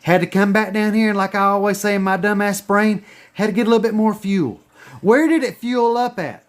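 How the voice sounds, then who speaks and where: A man's voice: sits high, fairly quick. A man teaching chart reading in a casual screen-share lesson. He is emphatic and profane, and he repeats his points. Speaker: trading educator.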